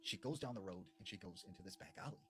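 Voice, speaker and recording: A man retelling eerie stories, shifting between animated bursts and hushed, dramatic dips. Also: deep voice, fast talker. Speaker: storyteller.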